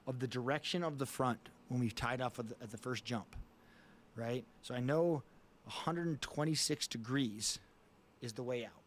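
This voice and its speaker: Man, mid-range voice, talk show guest, casual storytelling, swears a lot. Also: mid-range voice. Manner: profane, vivid storyteller.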